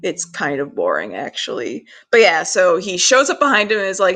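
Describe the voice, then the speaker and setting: A woman co-hosting a podcast, chatting casually about an episode, animated and swearing freely. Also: fairly low pitch, normal speed, few pauses. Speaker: podcast co-host. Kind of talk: casual recap chat.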